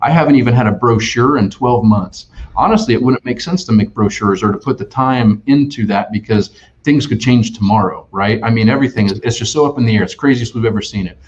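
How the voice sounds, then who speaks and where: A man talking as a sales expert on a webinar, energetic and full of restarts and "right?" tags. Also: mid-range voice, a little fast. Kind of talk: conversational webinar talk. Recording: dull lo-fi online webinar audio.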